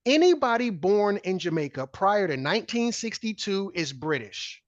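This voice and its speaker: Animated man, lo-fi sound. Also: sits high, normal speed, no room sound. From United States. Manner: animated, emphatic, repeats phrases for stress. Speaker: podcast host. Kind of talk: casual commentary, reading articles aloud. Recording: dull lo-fi dry sound.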